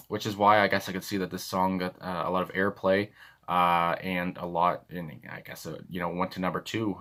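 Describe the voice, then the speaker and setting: A young man with a deep, low voice talks casually about a song he just heard for his channel. He rambles, restarts his sentences and fills the gaps with plenty of "uh"s. The delivery is relaxed and unscripted, like someone thinking out loud. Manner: rambling, many fillers and restarts. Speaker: music reaction channel host. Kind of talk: casual reaction commentary.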